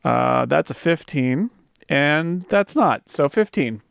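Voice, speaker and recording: A man's voice: on the high side, animated, takes it slowly, vocal fry, fairly bright tone, smooth, no room sound, clean studio sound. A man playing in a tabletop game, chatting casually and thinking aloud. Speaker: player.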